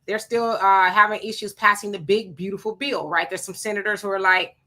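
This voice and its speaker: A woman's voice: mid-range voice, fairly even intonation, brisk, bright, forceful tone. A woman hosting a live stream, chatting casually and giving opinions as she reads viewer comments. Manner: chatty, opinionated, laughing asides. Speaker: livestream host.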